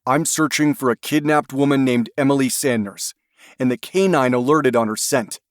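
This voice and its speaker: A man's voice: medium pitch, moderate pace, dry recording, studio quality, close to an everyday voice. A man playing a stern, demanding federal agent. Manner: demanding, clipped, commanding.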